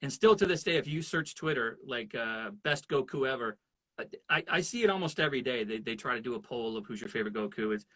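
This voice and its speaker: A man being interviewed as a voice actor, telling stories in an animated way and now and then slipping into character voices. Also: medium pitch, fast talker. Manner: animated storyteller who slips into voices. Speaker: voice actor guest. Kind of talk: casual interview chat.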